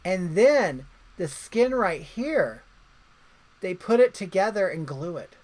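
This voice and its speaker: A woman's voice: fairly low pitch, sing-song, takes it slowly, a little mellow, poor audio. A woman hosting a livestream in casual chat, rambling along and reading viewer comments aloud. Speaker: livestream host.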